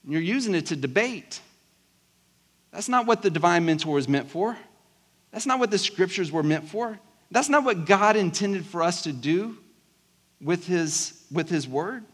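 A man's voice: sits high, lively intonation, normal speed. A pastor from South Georgia with a Southern accent, preaching a conversational sermon to his congregation. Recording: long hall reverb.

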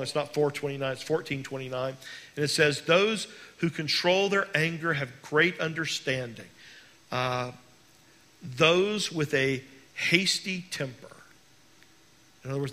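A male pastor preaching a sermon in an earnest way, slowing down to stress key words. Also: on the high side, sharp tone.

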